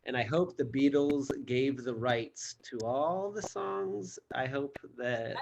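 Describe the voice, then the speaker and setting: A man's voice: medium pitch, slow pace, creaky, background noise. An irreverent man co-hosts a comedy stream, talking loosely and swearing freely in casual banter. His delivery is offhand and unbothered, with a mid-range voice. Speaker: comedy show co-host.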